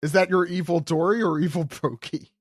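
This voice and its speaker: A man's voice: sits high, steady tone, fairly quick, no room sound, clean studio sound. A man, a podcast panelist, joking wryly in casual chat.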